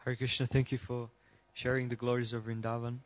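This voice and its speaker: A man's voice: medium pitch, a little fast, heavy background noise. A man in the audience asking a long question at a temple class, listing points one after another. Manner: listing points in a steady, even tone. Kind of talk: question from the floor.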